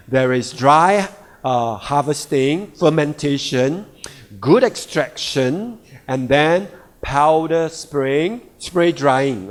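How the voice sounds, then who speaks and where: A man's voice: mid-range voice, long reverb tail. A man, a health coach, explaining a product to an audience in short repeated phrases and questions. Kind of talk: product presentation talk.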